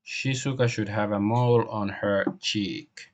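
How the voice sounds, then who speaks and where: A man streaming a game, translating the on-screen text aloud as he goes, with frequent pauses and restarts. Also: lowish voice, fairly even intonation. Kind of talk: live game stream commentary.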